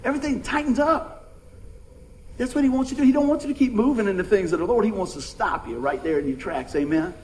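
A man's voice: high voice, fast, a little mellow, low-quality recording. A middle-aged man preaching a sermon in a folksy, conversational way, calling out to his congregation. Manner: folksy, conversational preaching with audience call-outs. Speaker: pastor.

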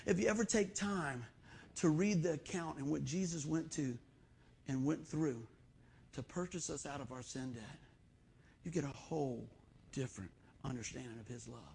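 Husky, gravelly pastor preaching. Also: male voice, on the high side, moderate pace. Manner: folksy storytelling, animated and conversational. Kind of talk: sermon.

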